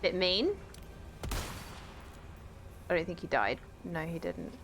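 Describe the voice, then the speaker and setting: A woman's voice: on the low side, very animated, slow pace, fairly bright tone, a little hiss or hum. A woman live-streaming a game, chatting casually with her viewers and exclaiming at the action. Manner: chatty, reads chat aloud, exclaims at the game. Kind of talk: casual live-stream chat while gaming.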